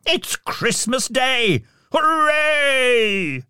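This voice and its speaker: A man voicing an old miser who is overjoyed and giddy, with high, breathless exclamations. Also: very animated, unhurried, fairly bright tone, no room sound, clean studio sound, full character voice. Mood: giddy joyful.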